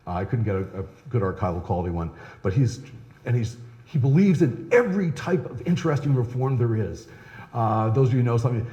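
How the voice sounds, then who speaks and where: A male historian gives a live public talk in a historical society lecture room, chatty and conversational, often checking in with "right?". His voice is medium-pitched and dark, with the highs cut off, and the echoey hall adds long reverb.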